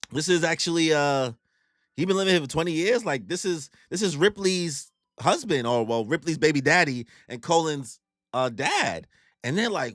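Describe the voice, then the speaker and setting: A young man with a slightly high, very lively voice recaps a manga chapter in loose slang. He bounces between his own commentary and quick acted-out lines for the characters. The sound is dry and close, with no room around it. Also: dry recording. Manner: animated slang-heavy storytelling, acting out character quotes. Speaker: YouTube manga reactor. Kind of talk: casual manga recap and reaction.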